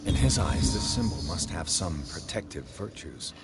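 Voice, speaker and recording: An actor playing a grim male investigator in a video game, speaking in a brooding, low-key way. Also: expressive, normal speed, vocal fry, heavy background noise. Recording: game audio with loud ambience.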